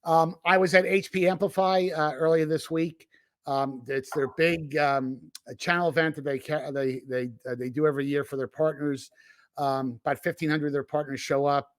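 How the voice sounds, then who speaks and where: A man hosts a tech podcast in a casual, animated chat, his voice sitting a bit high. He talks with plenty of fillers and restarts, and the sound is dry and close with no room echo. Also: moderate pace. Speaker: podcast host and tech analyst. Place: remote recording.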